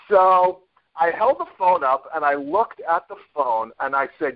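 A man's voice: a little high, lively intonation, normal speed. A man being interviewed as a guest, telling stories casually with many fillers and restarts. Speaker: guest, network marketer. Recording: dull lo-fi audio.

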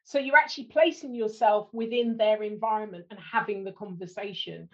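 A woman's voice: medium pitch, a little fast, a bit bright, highs cut off. A middle-aged woman hosting a podcast interview in a casual chat, dropping self-deprecating jokes and laughing often. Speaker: podcast host.

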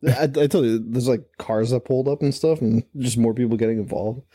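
Mellow-voiced sarcastic male podcaster. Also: medium pitch, brisk. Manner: sarcastic, joking. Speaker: podcast co-host. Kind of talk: casual movie recap chat.

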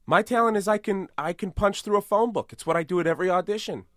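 A boastful, rambling tough-guy movie star, as a man puts him on for an improvised comedy podcast. He delivers absurd claims with a straight face, in a slightly higher voice than most men. The sound is dry and close. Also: fast, no echo, natural voice. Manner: rambling, self-aggrandizing, deadpan absurd.

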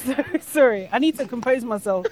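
A woman's voice: a little high, brisk, crowd noise. A woman co-host in casual panel chat, laughing often and speaking out. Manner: laughs often, animated and outspoken.

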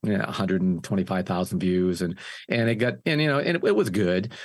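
A man's voice: low voice, brisk. Older man telling a rambling story. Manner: rambling, restarts phrases often. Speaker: singer and music producer guest. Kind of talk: casual interview storytelling.

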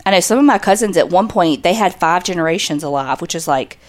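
A woman's voice: on the low side, lively intonation, quick pace. A woman with a Southern American accent co-hosting a podcast, bantering casually in a dry, teasing way. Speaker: podcast co-host. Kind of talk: casual chat.

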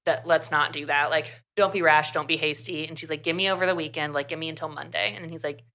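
Young woman, podcast co-host, casual chat, bright forceful tone, lowish pitch, chatty retelling. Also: fast talker, hardly any pauses. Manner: chatty, animated retelling with lots of "like". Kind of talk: casual book review chat.

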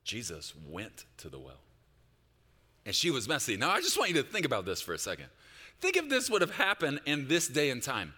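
Male pastor, lively pitch, bright tone, preaching in a big reverberant church hall. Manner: swings from hushed reflection to loud, rising exhortation. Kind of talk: sermon.

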